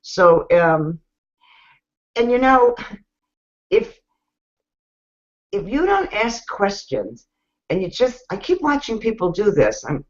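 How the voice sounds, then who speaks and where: A woman's voice: mid-range voice, sing-song, takes it slowly, pauses often. A woman hosting an online business webinar, talking casually and bluntly as she coaches viewers directly. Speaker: webinar host. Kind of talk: casual motivational talk. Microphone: video call. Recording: muffled video call audio.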